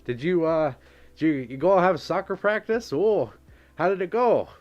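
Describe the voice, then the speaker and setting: A man putting on a hearty suburban dad voice with a clumsy attempt at a Midwestern accent, loud and jovial. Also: sits high, expressive, moderate pace, highs cut off, voice pushed up. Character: hearty suburban dad cheering on his kid.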